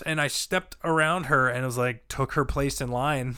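A man, a comedian guest, telling a rowdy, profane story with animated delivery and sudden shouts. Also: a little high, fairly quick, hardly any pauses, smooth. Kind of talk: storytelling chat.

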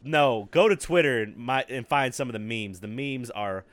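A man with a mid-range voice co-hosts a podcast at normal speed, chatting casually. He swears a lot, laughs often, and tells animated stories.

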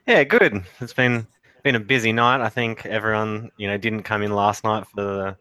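A man's voice: lowish voice, normal speed, sharp tone, clean tone, no room sound, low-quality recording. An Australian man chatting as a podcast guest, laid-back and laughing a lot. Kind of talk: casual podcast chat.

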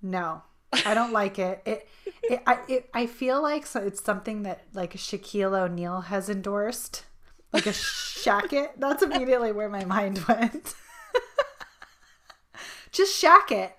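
A woman's voice: medium pitch, measured pace, fairly bright tone, a little hiss or hum. A woman co-hosting a casual chat podcast, chatty and laughing as she reads out trivia questions. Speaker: podcast co-host.

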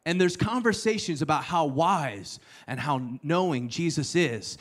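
A man preaching a sermon, telling the story with playful asides and sudden hushed lines. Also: on the high side, animated, unhurried, hardly any pauses. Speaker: pastor.

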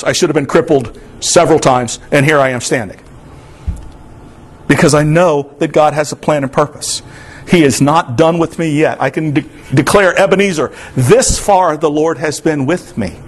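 A man's voice: fairly high pitch, moderate pace. A man from Florida preaching a sermon in an earnest, repetitive cadence.

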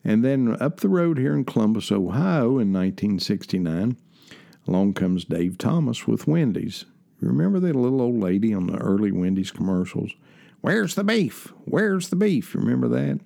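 A man's voice: on the low side, expressive, fairly quick, creaky, dark tone. An older man talking casually in a folksy, rambling way, full of fillers and personal asides. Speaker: host. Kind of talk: casual spoken monologue. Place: lives in central Ohio.

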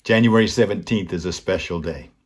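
An older man with a deep, slightly husky voice hosts a weekly talk segment. He tells a personal story in an earnest, heartfelt way and brings the people in it to life by acting out their lines. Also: fairly quick. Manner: earnest, acts out quoted voices. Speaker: host.

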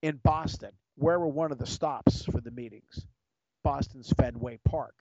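A man's voice: fairly high pitch, moderate pace, dark tone, no room sound, lo-fi sound. A man hosting his own show, telling a personal story in a casual, rambling way with emotional turns and repeated words. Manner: ad read in sports jargon. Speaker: podcast host.

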